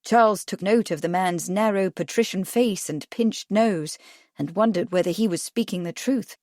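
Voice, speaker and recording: A woman narrating a mystery audiobook in a steady, even manner. Her voice sits at an ordinary pitch. The recording is dry and close. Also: normal speed, no room sound.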